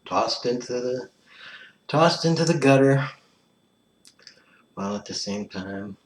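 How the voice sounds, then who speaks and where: A man's voice: mid-range voice, expressive, slow, slight background noise. A man rambling in a casual monologue, sardonic and crude, often mumbling his asides. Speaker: vlogger. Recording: roomy echo, faint background ambience.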